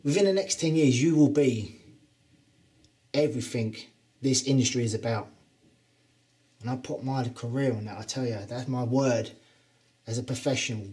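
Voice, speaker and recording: A man's voice: mid-range voice, a little mellow. A man with a Cockney London accent giving a taunting, boastful wrestling promo as a trainer, swearing freely. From England.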